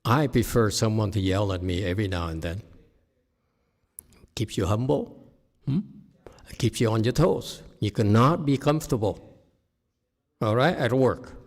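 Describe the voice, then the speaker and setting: A man teaching as a meditation master in a dharma talk, shifting from quiet murmurs to loud, laughing exclamations. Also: fairly low pitch, unhurried, pauses often. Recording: long hall reverb.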